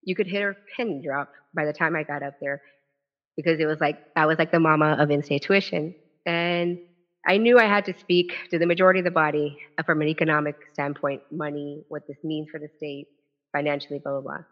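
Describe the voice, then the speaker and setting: Woman telling her story at a podium. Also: low-pitched. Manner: animated storytelling with quick restarts and quoted dialogue. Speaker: author and former legislator giving a talk. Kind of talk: personal storytelling speech to a live audience. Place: at a podium at a public event. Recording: dull lo-fi event recording.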